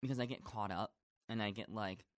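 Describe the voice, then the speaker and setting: A man's voice: on the low side, steady tone, a little fast, no room sound, clean studio sound. A man in a casual chat, a stage actor talking at length, gushing and rambling with lots of fillers.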